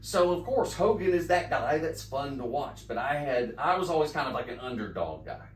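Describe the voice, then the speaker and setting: Podcast co-host, man in his 40s, grew up in the Midwest, animated storyteller who does the voices, recorded off-mic in an echoey room. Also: on the high side, normal speed, distant mic, a little hiss or hum. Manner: excited storyteller, acts out quotes. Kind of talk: casual chat.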